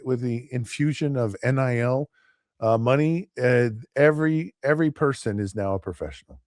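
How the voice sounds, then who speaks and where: A man's voice: medium pitch, dry recording, studio quality. A middle-aged man hosting a casual sports talk show, rambling and sarcastic, with lots of fillers and restarts. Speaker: host.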